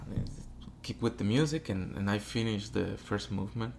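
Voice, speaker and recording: A man recounts his past in a relaxed interview, lively and acting out the people he quotes. His voice sits low and carries a gravelly rasp. A faint noise floor sits under the recording. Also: moderate pace. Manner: animated storyteller who acts out quotes and hums melodies. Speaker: tenor telling his story as a guest. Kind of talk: casual interview storytelling.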